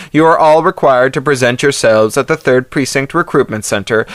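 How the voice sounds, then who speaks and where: A man reading an audiobook voices a stern male French revolutionary soldier in power armor, with a French accent and formal, clipped commands over an amplified loudspeaker. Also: mid-range voice, no echo, studio quality.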